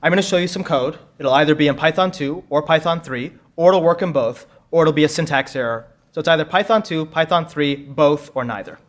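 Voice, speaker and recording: A man with a somewhat high voice hosts a quiz for a room full of people. He is chatty and jokey, doubling back on his words as he goes. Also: fairly quick, hardly any pauses. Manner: joking, chatty, repeats himself. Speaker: quiz host. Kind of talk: live conference pub quiz hosting. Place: conference room with audience.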